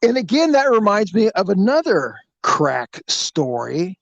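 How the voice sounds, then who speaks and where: A man with a slightly high voice tells his old police stories in an easy, chatty way. He acts out the people he quotes with lively voices, and the sound is dry and close. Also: measured pace, vocal fry, dry recording, muffled recording. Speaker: storyteller, former police detective. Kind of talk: casual spoken storytelling.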